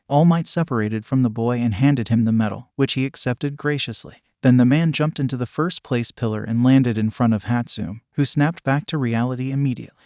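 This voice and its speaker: A man narrating a fan-written story in an even, steady reading voice. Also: medium pitch, brisk, hardly any pauses, dry recording, studio quality.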